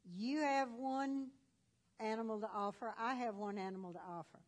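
A woman's voice: on the high side, moderate pace, lightly acted. A woman telling a Bible story who voices a bold, confident male prophet in a plain storytelling voice. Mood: instructing.

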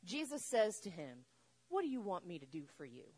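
A woman preaching a sermon, retelling a story with lively acted-out voices. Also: fairly low pitch, a little slow, pauses often, slightly rough. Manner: animated, acts out voices in the story. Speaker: pastor.

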